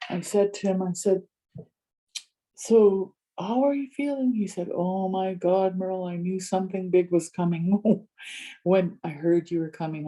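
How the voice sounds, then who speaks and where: An older woman speaking as a community elder, recounting a story and acting out both sides of each conversation. Her voice is very mellow and dark, with a husky edge. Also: lowish voice. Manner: animated retelling with many quoted exchanges. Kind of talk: storytelling talk.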